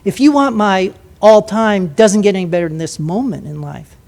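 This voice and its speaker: A man's voice: high-pitched, moderate pace, gravelly, a little mellow. An older man giving a storytelling talk, anecdotal and joking, acting out quoted voices in his stories. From United States. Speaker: speaker at a lecture.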